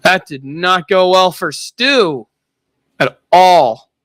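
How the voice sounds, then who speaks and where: A man's voice: sits high, expressive, takes it slowly, fairly bright tone, dry recording. A young man streaming, telling a profane party story with frequent laughter. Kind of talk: casual chat.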